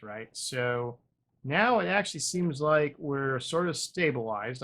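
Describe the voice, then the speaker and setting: A man hosting a gaming video, thinking aloud in casual commentary with wry, self-deprecating humor, drifting between upbeat remarks and quiet muttering. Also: mid-range voice. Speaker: gaming channel host.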